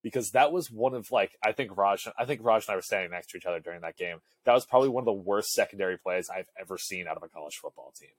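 A man's voice: lowish voice, quick pace, hardly any pauses, dry recording. A young man, a college student, co-hosting a casual chat and telling a rambling story full of "like" and filler words. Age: young adult. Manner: rambling, heavy use of filler "like". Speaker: podcast co-host; college student section leader.

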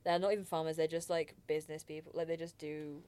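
A woman's voice: sits low, little pitch movement, fast talker, mellow, clear, resonant tone. A young woman, hosting a podcast and telling a rambling story full of fillers and laughs. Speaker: podcast host. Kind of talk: casual chat.

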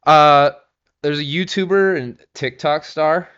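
A man's voice: on the high side, takes it slowly, fairly bright tone, clear, resonant tone, muffled recording. A man co-hosting a podcast in casual chat, teasing and swearing, a bit tipsy from tequila. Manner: profane, teasing banter. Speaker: podcast co-host.

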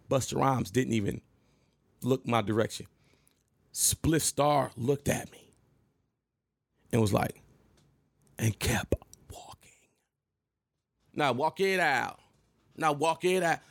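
A man in his thirties casually telling an animated story to camera, laughing and jumping high when he quotes himself. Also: gravelly, no echo, studio quality. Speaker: vlogger.

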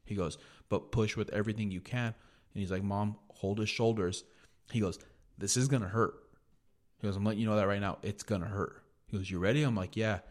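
Brisk and lowish, with fairly even intonation, a young podcast host from the United States relates a story in a relaxed style. He swears freely and drops "like" all over the place.

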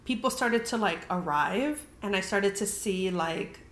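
A woman's voice: mid-range voice, expressive, moderate pace, a bit bright, slight background noise. A young woman casually telling a story as a podcast host, chatty and full of "like", swearing freely. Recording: roomy echoey room.

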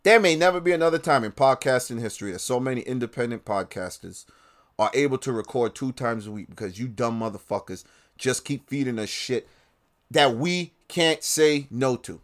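A man hosting his own independent podcast, ranting with a lot of profanity, swinging between loud outbursts and low muttering. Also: animated, brisk. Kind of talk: podcast rant.

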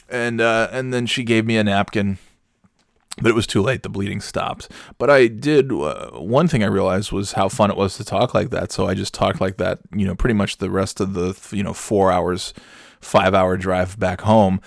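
A podcast host with a lowish, creaky voice tells casual comedic stories at a moderate pace, rambling, mocking himself, and swearing casually. The studio sound is clean, with no echo.

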